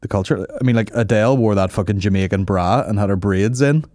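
A man hosting a comedy podcast, bantering with animated, profane asides. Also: lowish voice, quick pace, dry recording, studio quality. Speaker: podcast host.

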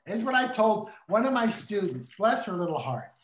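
A man's voice: high-pitched, big pitch swings, normal speed. A middle-aged man teaching in a casual Bible discussion, earnest and emphatic like a preacher. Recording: roomy echo.

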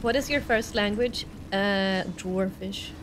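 Over a noisy background, a young woman from Sweden speaks slowly in a mid-range voice while commentating her live gameplay. English isn't her native language, and her Swedish accent colors her playful, sarcastic chatter.

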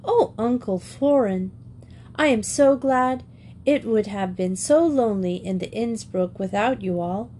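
A woman's voice: on the high side, unhurried, warm tone, a little hiss or hum, natural voice. Lady reading a happy grateful girl, gushing, storybook. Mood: delighted. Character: delighted girl Bet, warm and grateful.

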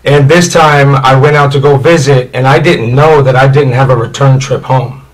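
A man's voice: medium pitch, steady tone, normal speed, low-quality recording. A man from Indiana telling his life story as an interview guest, rambling and candid, with many "you know" fillers.

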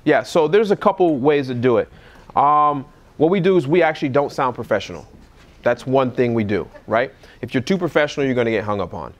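A man, a real estate investor, giving casual seminar talk at a live event and acting out phone scripts in a lively voice. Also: a little fast. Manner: animated, acts out calls in a higher voice.

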